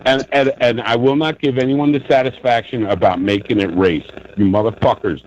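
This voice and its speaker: A man's voice: medium pitch, steady tone, moderate pace, lo-fi sound, slight background noise. A man calling into a live show, ranting angrily with lots of swearing and bursts of laughter. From New York, US. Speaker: caller. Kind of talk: casual call-in chat.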